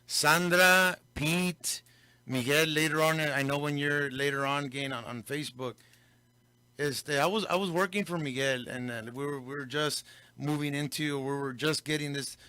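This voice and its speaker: A fairly high, bright man's voice, swapping between English and Spanish as he tells a story on air. The sound is close and dry, with no room around it. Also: moderate pace, clear, resonant tone, dry recording. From Del Rio, Texas. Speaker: radio host. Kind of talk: casual radio talk.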